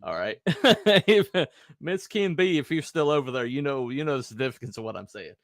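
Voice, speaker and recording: A man hosting a casual chat, telling a story in a lively way, acting out quotes in raised voices and laughing often. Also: medium pitch, fairly quick, dry recording, clean studio sound. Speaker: host.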